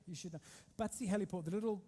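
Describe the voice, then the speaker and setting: A man giving a lively motivational seminar talk as a trading coach, telling stories and quizzing his audience. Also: high voice, racing. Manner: energetic, storytelling, keeps polling the audience.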